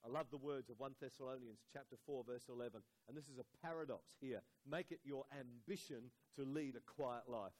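A man preaching a sermon, dropping to a soft hush on key words and lifting his voice and slowing for emphasis. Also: mid-range voice, low-quality recording. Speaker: pastor.

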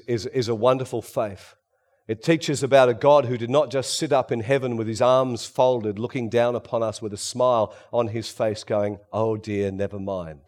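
A man preaching a sermon, swinging between loud emphasis and hushed, quiet passages. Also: medium pitch.

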